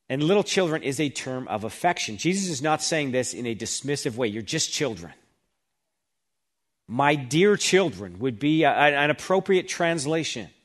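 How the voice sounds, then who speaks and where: Man, pastor, sermon, slightly high-pitched voice, reads scripture with emphasis. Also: expressive, normal speed. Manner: expository preaching, reads scripture aloud with emphasis.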